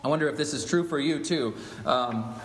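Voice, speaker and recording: A man's voice: fairly high pitch, moderate pace, slight background noise. A man preaching a sermon to his congregation. He speaks with emphasis and often puts questions to his listeners. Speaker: pastor. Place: church sanctuary. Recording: echoey church hall with long reverb.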